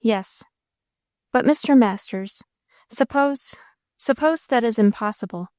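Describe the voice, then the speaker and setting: A woman voicing a proud, reserved young woman who is quietly unhappy, speaking slowly and with careful composure. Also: fairly high pitch, dry recording, studio quality, natural voice.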